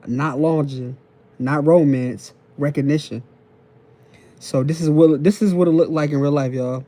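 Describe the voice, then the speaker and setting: Warm and fairly high-pitched, this TikTok live host speaks a little slowly with fairly even intonation. On his phone stream he preaches at viewers in casual slang, repeating each point and regularly checking whether they're with him.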